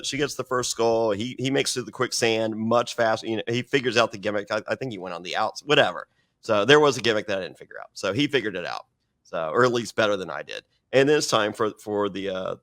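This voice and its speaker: A man's voice: fairly low pitch, fairly bright tone. A man telling a story as an interview guest, swearing often and restarting his sentences. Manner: profane, rambling with many restarts.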